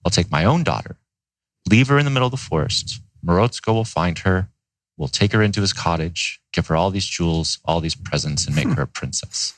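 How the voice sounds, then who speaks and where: A man's voice: sits low, lively intonation, a little fast, no room sound, rough recording. A man voicing a scheming, jealous wicked stepmother in a spoken fairy tale.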